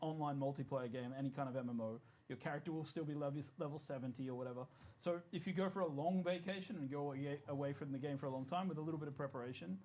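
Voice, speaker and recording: Fast-talking joking man streamer. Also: mid-range voice, darkish tone. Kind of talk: casual live-stream chat.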